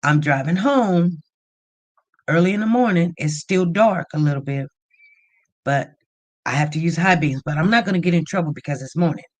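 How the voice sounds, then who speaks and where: A woman hosting a livestream, telling a story in a lively, animated way and rising to near-shouts when upset. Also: fairly low pitch, moderate pace, pauses often. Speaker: livestream host.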